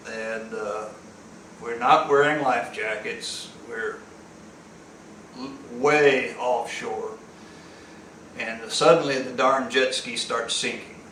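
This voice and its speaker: A man's voice: mid-range voice, a bit bright, slight background noise. Folksy Southern-accented man telling a tale. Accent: American Southern. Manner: folksy, drawling, laid-back with dry humor. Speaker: storyteller. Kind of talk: casual spoken storytelling. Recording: roomy, distant mic with faint ambience.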